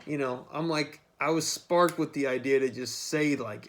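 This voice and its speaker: A man's voice: mid-range voice, normal speed. A man vlogging in a loose, rambling monologue, swearing freely as he talks. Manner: rambling, profane, freewheeling. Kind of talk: casual monologue to camera.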